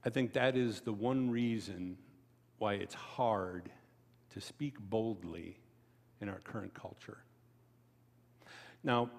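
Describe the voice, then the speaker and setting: A man giving a conversational sermon, telling stories with asides to the congregation and acting out quoted voices. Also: gravelly. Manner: storytelling, chatty asides to the congregation; acts out quoted voices with sharp pitch jumps. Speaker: preacher. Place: church sanctuary. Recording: long reverb of a church hall.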